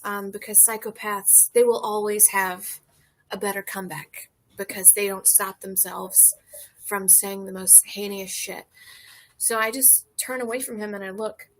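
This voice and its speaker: A woman's voice: medium pitch, fairly even intonation, a little slow, a bit bright. A woman comedian in casual chat, telling candid, profane stories full of fillers, recorded outdoors on a porch.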